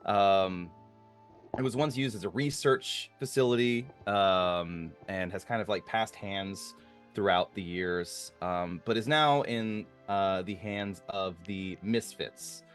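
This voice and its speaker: A man running a tabletop game as game master, narrating in a halting way with many fillers. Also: low voice, soft background music.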